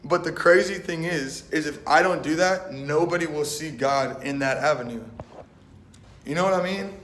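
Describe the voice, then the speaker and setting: A young man and Christian rapper giving a casual, slang-filled faith talk, retelling a Bible story and acting out its voices. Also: moderate pace. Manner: animated and slangy, acting out voices with "boom" and "bet". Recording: roomy echo.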